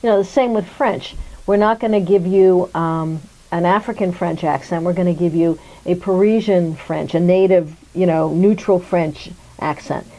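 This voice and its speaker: A woman's voice: on the low side, moderate pace, few pauses, dark tone, dull audio. A middle-aged American woman being interviewed, speaking thoughtfully with fillers and restarts. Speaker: interviewee, dubbing company executive. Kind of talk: conversational interview answers.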